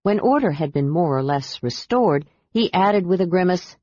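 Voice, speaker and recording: A reader narrating a fantasy novel in a steady, even storytelling voice. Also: mid-range voice, moderate pace, dry recording. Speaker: audiobook narrator. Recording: dull, dry audiobook sound.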